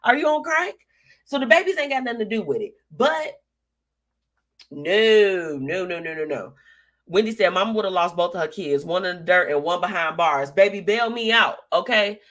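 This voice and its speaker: A woman's voice: lowish voice, expressive, moderate pace. A young woman hosting a live show, chatting casually and sassily while reading out viewer comments, with lots of slang and laughter.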